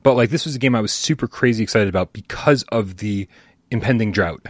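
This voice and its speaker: A man's voice: fairly low pitch, fairly quick, no echo. A man co-hosting a casual gaming podcast, talking frankly and wryly with frequent restarts. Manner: rambling, restarts, frank and wry. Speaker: podcast co-host.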